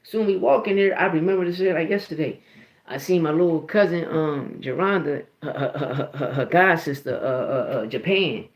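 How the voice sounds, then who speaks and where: A man tells a long story in a loose, profane, rambling way, full of restarts and asides. His voice sits a little high for a man. It rings in an echoey room. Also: moderate pace. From Philadelphia, USA. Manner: profane, rambling, with many restarts and "you know what I mean". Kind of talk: casual storytelling.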